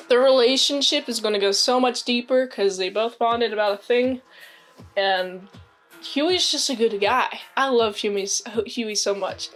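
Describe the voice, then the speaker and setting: A woman reviewing a series in a loose, chatty recap, her fairly high voice bouncing with excitement. She leans on "like" constantly as she talks. Faint music plays behind her. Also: a little slow. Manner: chatty and excitable, heavy use of "like", acts out quoted lines. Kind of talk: casual episode recap.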